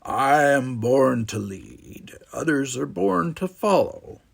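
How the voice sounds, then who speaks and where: A man voicing a vain, smooth-talking male alien flirt who murmurs slowly and seductively. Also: mid-range voice, big pitch swings, heavily acted. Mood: pompous.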